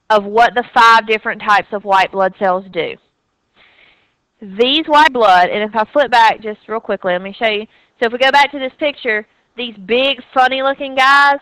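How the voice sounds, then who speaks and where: A woman's voice: fairly high pitch, pushed and bright, smooth, no room sound, low-quality recording. A woman with a Southern US accent giving an anatomy and physiology lecture, chatty and checking in with students with a frequent "okay?". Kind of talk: recorded classroom lecture.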